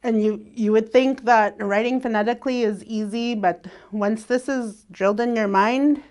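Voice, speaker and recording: A woman teaching a language lesson. She speaks in a relaxed way, laughs often and draws out her example words. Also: a little high, moderate pace.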